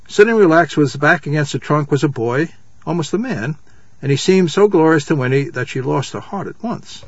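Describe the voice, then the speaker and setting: A man reading a children's novel aloud at a measured pace, calling out the page numbers as he goes. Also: a little high, animated, husky, no room sound, muffled recording. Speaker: reader.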